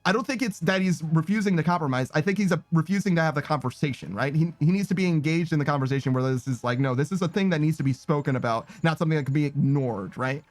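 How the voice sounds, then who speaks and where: A man's voice: fairly high pitch, quick pace, hardly any pauses, no echo. A young man chatting casually on a live stream, reading out chat messages and reacting with lots of swearing and laughter. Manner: animated, swearing, breaks into laughter.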